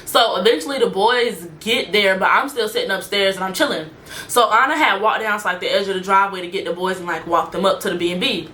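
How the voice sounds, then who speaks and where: A woman's voice: mid-range voice, quick pace, pushed and bright, slight background noise. A young woman telling a story in casual chat, slangy and talking straight to her viewers. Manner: chatty, slangy, addresses viewers directly. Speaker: storyteller vlogger.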